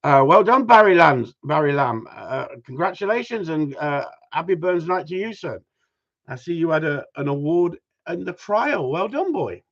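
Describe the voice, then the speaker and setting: A man's voice: fairly high pitch, big pitch swings, moderate pace. A man hosting a casual livestream, bantering with his viewers and laughing a lot. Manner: joking, banters with chat, frequent laughs. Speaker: livestream host. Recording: dull lo-fi stream audio.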